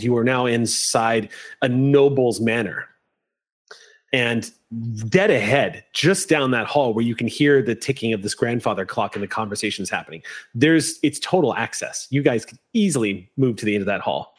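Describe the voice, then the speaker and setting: A man's voice: medium pitch, normal speed. A man narrating a tabletop game as game master, describing scenes at length with frequent fillers.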